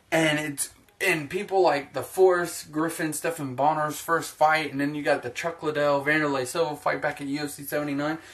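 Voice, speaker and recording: A man's voice: fairly high pitch, a bit bright. A man from the United States ranting profanely about fighters in a heated sports opinion vlog. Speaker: sports vlogger.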